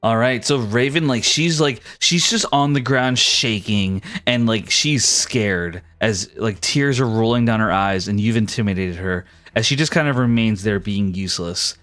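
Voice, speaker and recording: A man narrating a tabletop role-playing game as game master, lively and descriptive. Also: fairly low pitch, normal speed, hardly any pauses.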